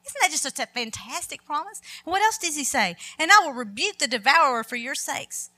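A woman's voice: high voice, big pitch swings, brisk, pushed and bright. A middle-aged woman preaching a sermon, emphatic and quoting scripture with rising force.

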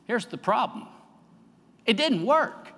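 A middle-aged man preaching a sermon as pastor, emphatic with big swings between soft and loud. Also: very high-pitched, sing-song, takes it slowly. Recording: long church hall reverb.

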